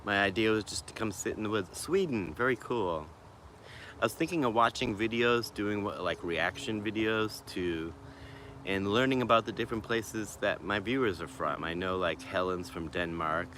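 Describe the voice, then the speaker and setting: A man's voice: fairly low pitch, moderate pace, sharp tone, slight background noise. A man from Boston with a Boston accent, chatting casually on a livestream from a small wooded spot in the city, rambling and greeting viewers by name. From Boston, USA. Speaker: vlogger livestreaming. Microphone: phone on a selfie stick.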